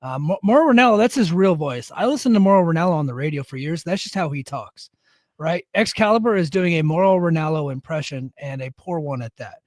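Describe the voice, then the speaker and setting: Blunt, higher-voiced male podcast co-host. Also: animated, fast, no room sound, studio quality. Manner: blunt, opinionated, swears freely. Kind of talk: casual chat.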